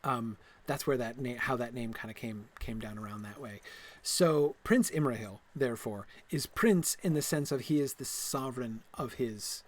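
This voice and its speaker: A man's voice: medium pitch, normal speed, hardly any pauses. Rambling man lecturing while gaming. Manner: rambling and digressive, many fillers and restarts; enthusiastic, laughs at himself. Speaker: host. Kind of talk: casual lecture while playing a game.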